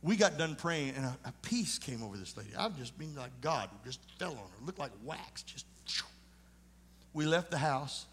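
A male pastor delivers a sermon with personal testimony, moving between emphatic points and hushed asides. His voice sits a little high for a man. The long reverb of a church sanctuary trails each line. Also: big pitch swings, normal speed, slight background noise. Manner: earnest storytelling preacher, emphatic and then hushed.

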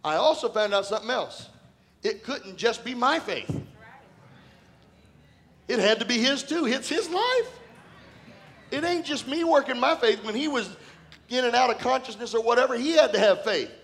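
A man pastor preaching a sermon in a church, telling personal stories in a conversational way that bursts into shouting and laughter. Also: extremely high pitch, normal speed. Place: church sanctuary.

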